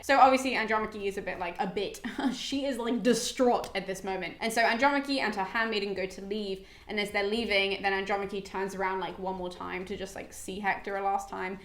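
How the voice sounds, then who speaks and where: A woman's voice: mid-range voice, a little fast, echoey room. A young woman hosting a casual, chatty summary, gushing and full of "like". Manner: gushing, animated, filler-heavy with "like". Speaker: host.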